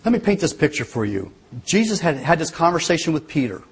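A man's voice: fairly high pitch, sing-song, fast, gravelly, slightly rough. A man preaching a sermon, telling the story earnestly and dramatically, with changing emphasis.

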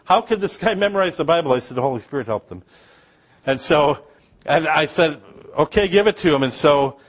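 A man's voice: on the high side, expressive, fairly quick, slightly rough. A middle-aged man from Upper Michigan, a missionary speaker telling humorous stories to a congregation with asides and laughs. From Upper Michigan, USA.

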